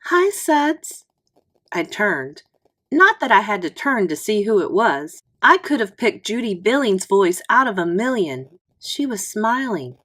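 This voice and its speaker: A woman reading a children's chapter book aloud in an expressive, unhurried storytelling manner. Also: medium pitch.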